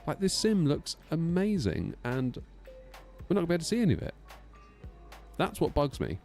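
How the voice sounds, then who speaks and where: A man's voice: a little high, huge pitch swings, moderate pace, gravelly, a little mellow, soft background music. A man streaming a flight sim, chatting casually, teasing himself and answering chat aloud. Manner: chatty, self-mocking, reads chat aloud.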